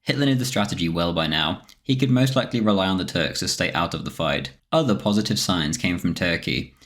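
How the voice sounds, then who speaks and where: A man with a low, deep voice reads a scripted history documentary narration. He keeps a steady, measured delivery from line to line.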